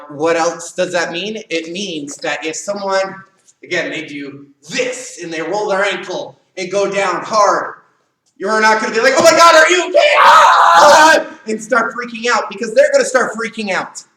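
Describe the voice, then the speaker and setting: A man teaching a live online karate leadership class, animated and acting out students' cries. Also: on the high side, a little hiss or hum. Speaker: karate instructor. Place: karate studio, echoey room. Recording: echoey room, voice far from mic.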